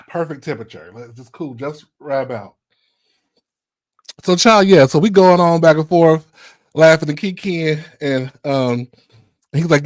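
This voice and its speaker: A man's voice: a little high, a little slow, pauses often, no room sound. Man, podcast host, sassy, playful, flamboyant, dry close mic. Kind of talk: casual chat.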